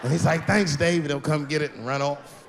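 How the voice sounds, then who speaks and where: A man's voice: fairly high pitch, fairly even intonation, brisk, slight background noise. A man doing stand-up comedy, telling a laid-back story and acting out the other voices in it. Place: comedy stage with live audience.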